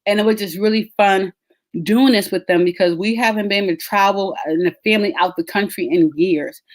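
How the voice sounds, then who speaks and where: A woman's voice: medium pitch, a little fast. A woman, a podcast host telling a story in casual, chatty talk straight to her listeners. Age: 30s. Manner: chatty, addresses listeners as y'all.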